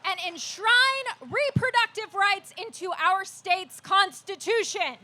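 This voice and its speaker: A woman activist leader giving an earnest, measured speech at an outdoor rally. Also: very high voice, animated, bright, forceful tone, some chatter behind, slight background noise. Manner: measured, earnest, leads call-and-response chants.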